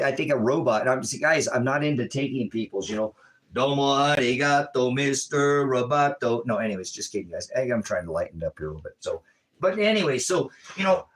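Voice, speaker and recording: A middle-aged man hosting a livestream, talking in a rambling, animated way with quick asides and voices for the people he quotes. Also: medium pitch, low-quality recording. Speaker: livestream host.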